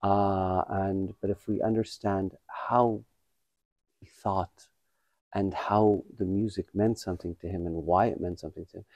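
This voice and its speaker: Deep gravelly man, measured talk. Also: mellow, dry recording. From Canada. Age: 50s. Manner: thoughtful, measured, with many pauses and restarts. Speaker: interview guest, pianist and playwright. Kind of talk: conversational interview.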